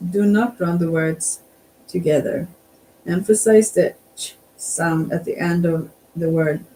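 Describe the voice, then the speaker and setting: Slow, mellow, hesitant mantra teacher, distant mic. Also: medium pitch. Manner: hesitant, self-correcting, laughs softly, tries out chants. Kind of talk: soft-spoken spiritual instruction. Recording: distant mic with faint ambient hiss.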